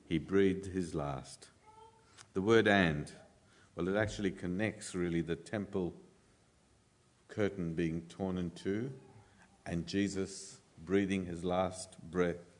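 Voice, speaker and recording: A man preaching an expository sermon, moving between louder emphatic lines and quiet, dropped lines. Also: fairly low pitch. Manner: expository, shifts loud and soft for emphasis.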